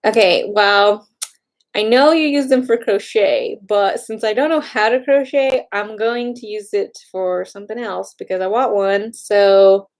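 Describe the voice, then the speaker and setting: Gushing, excitable woman in casual chat. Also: mid-range voice, unhurried. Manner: gushing, excitable, talks while browsing.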